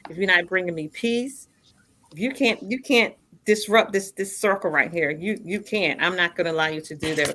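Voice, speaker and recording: A woman in her fifties speaks with a bright, forceful tone set a little low. She tells her own story earnestly and leans on repeated phrases to drive her points home. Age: 50s. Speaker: guest. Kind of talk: personal storytelling in a radio interview.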